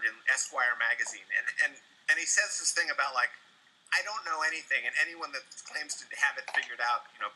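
Brief: man speaking fast and halting, bright tense tone, reflective interview. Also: a little high, slight background noise, low-quality recording. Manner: halting, searching for words.

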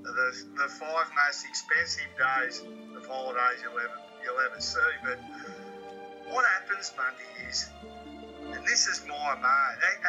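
Aussie man, guest ranting with swearing and laughs, dull recording, music under. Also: mid-range voice. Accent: Australian. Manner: crude, laughing, swearing storyteller. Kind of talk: casual podcast chat, storytelling rant.

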